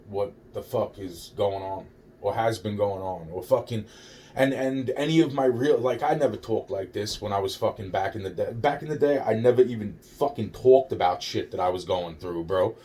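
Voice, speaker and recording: Rambling, swearing man with a dark voice. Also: on the low side. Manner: rambling, profane, many restarts and quoted dialogue. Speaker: vlogger telling a personal story. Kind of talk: rambling first-person storytelling.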